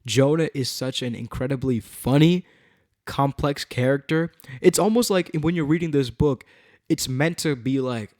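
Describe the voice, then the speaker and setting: A man teaching on a Bible passage, reading it aloud with emphasis and breaking into casual, animated asides. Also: medium pitch, normal speed, no room sound, clean studio sound.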